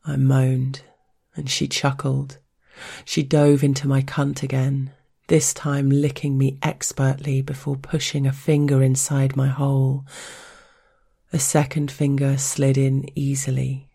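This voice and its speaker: A woman with a husky voice, narrating an intimate first-person story in a slow, stern, controlled way. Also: extremely low pitch, completely flat delivery, warm tone.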